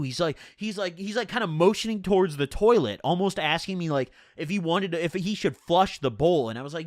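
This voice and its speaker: A young man spins a casual story with plenty of slang and swearing. His voice sits fairly high for a man and leaps around in pitch. The sound is close and dry. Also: expressive, quick pace, hardly any pauses, no room sound. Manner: slangy, profane, chatty. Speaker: vlogger telling a personal story.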